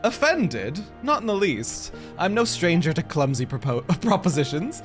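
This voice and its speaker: A game streamer giving casual live commentary, giggly and excitable, talking directly to chat. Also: mid-range voice, normal speed, soft background music.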